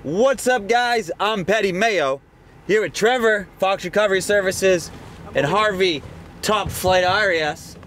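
A man's voice: sits high, measured pace, a bit bright. A man hosting a bounty hunting vlog, talking in a casual, joking, rambling way from inside a car. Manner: joking, laid-back, rambling. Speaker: bounty hunter host.

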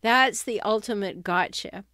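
A woman giving advice on toxic relationships in an emphatic, animated way. She sometimes drops her voice to act out quoted sarcastic remarks. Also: medium pitch, a little slow, no room sound, studio quality. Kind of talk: talking-head advice video.

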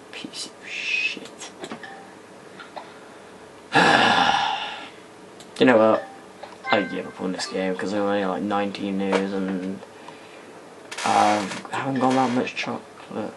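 Creaky and lowish, a young male vlogger's voice holds a steady tone at normal speed while he games at a computer indoors, rambling casually and muttering curses at the game. The hand-held camera mic picks up a noisy home recording.

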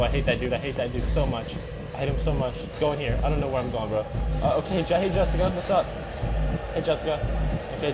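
A man's voice: mid-range voice, very noisy. A young man commenting on a horror game, panicky, swearing and repeating himself. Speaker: gaming video host.

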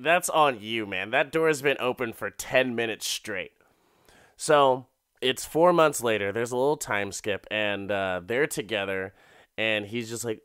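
A man recapping an episode for a podcast, swearing freely and rambling through his story with plenty of fillers. His voice is smooth and clean, at an ordinary middle pitch. The sound is dry, with no room echo. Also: unhurried, fairly bright tone. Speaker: podcast host. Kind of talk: casual comedic episode recap.

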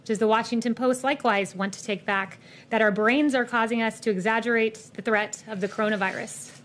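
Woman, spokesperson, press briefing, pointed, measured, slightly high. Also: fairly even intonation, a bit bright.

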